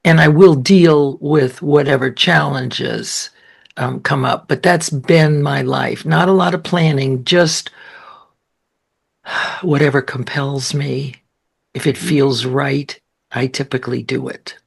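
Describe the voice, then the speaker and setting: A woman's voice: very deep voice, fairly even intonation, takes it slowly, creaky, husky. An older woman, born in New York and raised in Boston, chatting as an interview guest and telling family stories with the odd whispered aside. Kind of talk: casual conversational storytelling.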